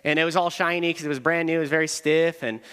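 High, bright-voiced man telling funny stories. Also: fast, clean tone, big-room sound. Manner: self-deprecating, animated storyteller. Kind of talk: humorous storytelling talk.

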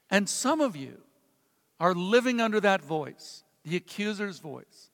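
A man preaching a sermon as a pastor, telling stories dramatically and swinging between loud emphasis and hushed, quiet passages. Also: high voice, animated, moderate pace. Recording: long reverb of a large hall.

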